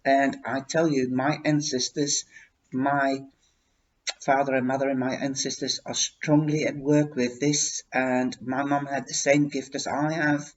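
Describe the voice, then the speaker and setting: A man reviewing a tarot deck in a heartfelt, casual way, talking emotionally and haltingly with many restarts. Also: mid-range voice, little pitch movement. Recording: dull lo-fi recording.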